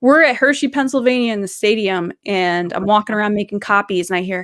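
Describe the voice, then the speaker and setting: A woman chatting casually, spinning lively anecdotes and playing out the quoted lines in them. Her voice sits at a middle pitch. The recording is close and dry. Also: fast talker, hardly any pauses, no room sound. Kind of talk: casual chat.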